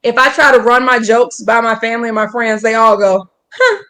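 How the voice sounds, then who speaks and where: A young woman comedian with an Atlanta accent, chatting in a casual interview over a call, animated and joking. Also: fairly high pitch, fairly quick. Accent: Southern US, Atlanta. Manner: animated, joking, slips into put-on voices. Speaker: comedian guest. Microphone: phone or video call.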